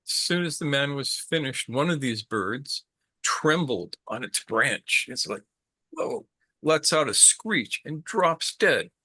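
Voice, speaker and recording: A man tells an old story to a small group at an easy, slow pace. His voice is bright and forward, and he often repeats words as he goes. The sound is dry, with no room echo. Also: medium pitch, expressive, husky. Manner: casual, repeats words, asks the group questions. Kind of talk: telling a traditional story to a group.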